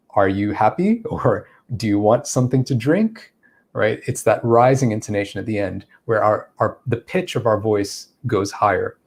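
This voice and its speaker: A man's voice: medium pitch, darkish tone. Man teaching an English lesson. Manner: explains step by step with spoken examples, greets viewers in chat. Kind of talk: live-streamed English lesson.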